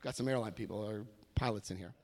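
A man giving a personal testimony at a recovery meeting, telling his story with animated energy and acting out what people said. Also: lowish voice, fast. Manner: animated storytelling, acts out quoted voices. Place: meeting room before a live audience.

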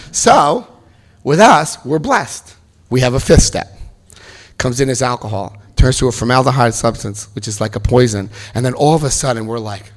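At a moderate pace, a man in his 50s tells his personal story at a recovery meeting. He's animated and joking, leaping into high voices whenever he quotes someone.

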